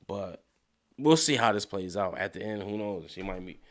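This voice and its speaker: A man casually recapping a TV episode, animated and slangy, with frequent swearing and acted-out character lines. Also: fairly low pitch, moderate pace. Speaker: TV show recap commentator.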